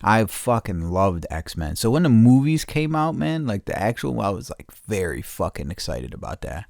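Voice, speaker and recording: Deep-voiced man telling a profane story. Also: very animated, normal speed, creaky, darkish tone, no echo, clean studio sound. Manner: profane, restless, repeats himself. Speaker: podcast host. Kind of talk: casual rambling storytelling.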